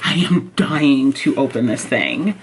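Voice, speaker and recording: A woman book vlogger chatting casually and excitedly at home. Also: extremely low pitch, a little slow, slight background noise. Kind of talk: casual vlog chat. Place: home office, indoors.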